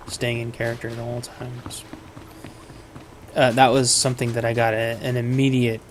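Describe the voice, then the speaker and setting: A gaming vlogger talks casually and eagerly over his own play, breaking off mid-thought and circling back. His voice sits in a middle register. Game sounds and a clear layer of noise run under him. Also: mid-range voice. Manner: rambling, enthusiastic, self-interrupting. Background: video game sound.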